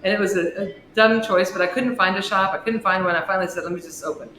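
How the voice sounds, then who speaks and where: Expressive woman telling a story, echoey room. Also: fast talker. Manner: expressive storyteller with wide swings in pitch and loudness. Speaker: podcast guest, author and shop owner. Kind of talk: telling a personal ghost story in an interview. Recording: echoey room with faint noise.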